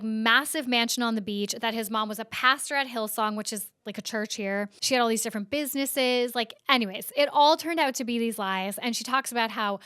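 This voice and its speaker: A woman's voice: fairly high pitch, a bit bright, clean tone, dry recording, studio quality. A woman hosting a podcast, recapping internet news in a casual, chatty way full of "like" fillers. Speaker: podcast host.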